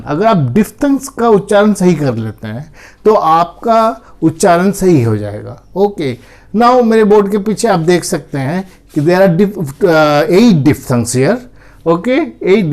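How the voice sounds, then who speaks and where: A man with an Indian accent teaching English pronunciation in a slow, repetitive classroom style. He switches between English and Hindi and drills words aloud in front of a board. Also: a little high, darkish tone.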